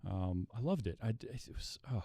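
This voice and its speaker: A man's voice: on the low side, lively intonation, moderate pace, gravelly, dark tone, dry recording, studio quality. A man hosting a podcast, chatting casually about a film and acting out his own reactions as he tells it. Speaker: podcast host.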